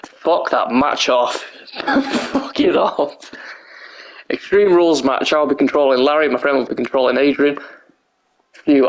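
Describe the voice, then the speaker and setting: Live-streaming a wrestling video game, a young man offers commentary in a medium-pitched, hoarse voice. He's exhausted but excitable, and he laughs and swears often.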